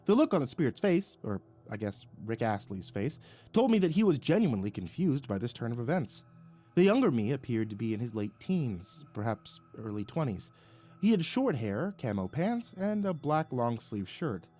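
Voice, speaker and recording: A man reading a first-person story aloud in an expressive, dramatic way. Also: mid-range voice. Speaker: narrator.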